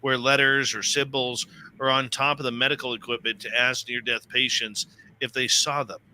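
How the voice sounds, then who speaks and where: A man's voice: medium pitch, little pitch movement, moderate pace, sharp tone. A man hosting a radio show, reading listener questions aloud. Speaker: radio host.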